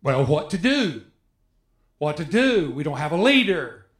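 A man's voice: a little high, sing-song, a little slow. A man preaches a sermon. He keeps it conversational and joking, throwing rhetorical questions at his listeners. His voice rings out in an echoey church room. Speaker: pastor.

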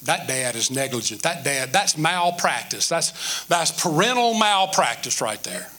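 Preacher doing stern scandalized religious teachers, low and grave, all judgy. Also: male voice, very animated, a little slow, bright, forceful tone, heavily acted. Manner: disapproving, condemning.

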